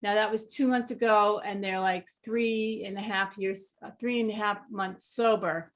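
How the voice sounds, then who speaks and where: A woman on a sobriety podcast panel, telling stories in a chatty, animated way. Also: mid-range voice, gravelly. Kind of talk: casual panel discussion.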